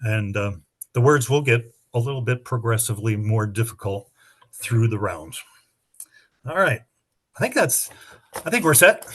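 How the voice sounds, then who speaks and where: A middle-aged man running a spelling bee, his voice sitting at an ordinary middle pitch. He explains the rules at length and reads out each word with a sample sentence. His manner is chatty and explanatory, with dry humor. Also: lively intonation, measured pace, long pauses, a bit bright. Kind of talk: reading rules and practice words to teams.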